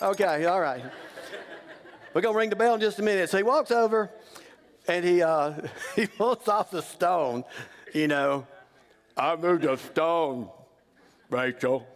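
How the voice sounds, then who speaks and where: Joking pastor in an echoing hall. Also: male voice, a little high. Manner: joking, conversational, teasing the congregation. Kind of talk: humorous sermon storytelling. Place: church sanctuary. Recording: long reverb of a church hall.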